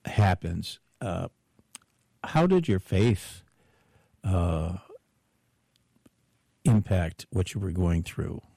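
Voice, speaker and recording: Slow, deep gravelly male interviewer. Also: big pitch swings, mellow, no echo, clean studio sound. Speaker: host.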